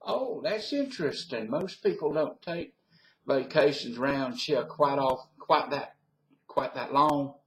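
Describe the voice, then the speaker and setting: A man's voice: medium pitch, lively intonation, measured pace, fairly bright tone, reverberant, low-quality recording. A man voicing a chatty Southern local with a Tidewater Virginia accent, recorded on a webcam. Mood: friendly.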